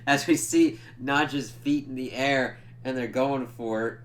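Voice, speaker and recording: A man's voice: mid-range voice, measured pace, slight background noise. A man giving a casual spoken recap of a TV episode, swearing freely, acting out lines, and tripping over his words. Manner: animated, profane retelling with quoted lines; stumbles over words and laughs at himself. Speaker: TV reviewer.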